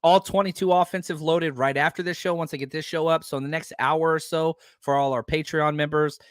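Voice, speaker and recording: Guy hosting a sports pod, kinda high voice, gets worked up n swears a lot, super dry audio. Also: fairly even intonation, fairly quick, clean tone, no echo. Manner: heated, profane ranting. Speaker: podcast host. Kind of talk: casual sports podcast talk.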